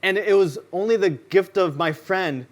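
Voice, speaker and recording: A man preaching in church with a somewhat high voice. He keeps the sermon loose and chatty, like he's talking with friends. He drops into quoted lines from his own stories and acts them out. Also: normal speed, muffled recording. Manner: casual, conversational storytelling. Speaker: pastor.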